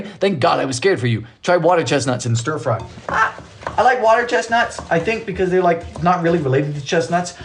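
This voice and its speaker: A man's voice: a little high, slight background noise. Chatty man hosting a live bake. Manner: chatty, reads out viewer comments, playful exclamations. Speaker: livestream baking host. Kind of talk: casual live baking stream chat.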